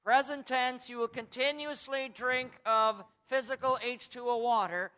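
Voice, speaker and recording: American preacher guy, high bright voice, goes soft then shouts. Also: normal speed, few pauses, smooth. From United States. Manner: swings from soft asides to shouted high emphasis. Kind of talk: sermon.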